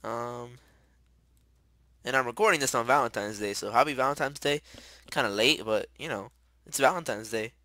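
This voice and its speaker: A young man rambles through his gameplay, chatty and quick to get startled. His voice is bright and forward, recorded close and dry with no room sound. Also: mid-range voice, no room sound. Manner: chatty, rambling, excitable, shouts when startled. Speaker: gamer. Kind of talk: casual gameplay commentary.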